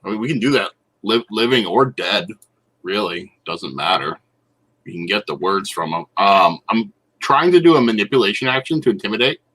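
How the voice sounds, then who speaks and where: A man's voice: fairly low pitch, expressive, moderate pace, fairly bright tone. A man playing a tabletop game, in a dry, joking tone. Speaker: player. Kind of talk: casual tabletop play.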